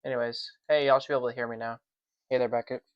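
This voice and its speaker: Talking rapid-fire in a medium-pitched, level voice, a man runs a casual weather livestream from his room. He wheezes as he speaks and comes across as chatty, self-conscious and apologetic. The audio is dry, dull, lo-fi stream sound with no room echo.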